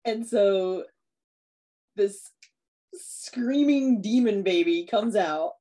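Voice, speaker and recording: A woman's voice: medium pitch, lively intonation, drawn-out words, dark tone. A woman co-hosting a podcast, casually retelling a horror movie plot in a chatty way with lots of fillers and acted-out lines. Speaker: podcast co-host.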